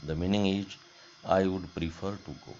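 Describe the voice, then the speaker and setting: A man giving a grammar lecture, speaking deliberately and repeating each example sentence. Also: sits low, steady tone, a little mellow, a little hiss or hum. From India. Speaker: college lecturer. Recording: dull lo-fi lecture recording.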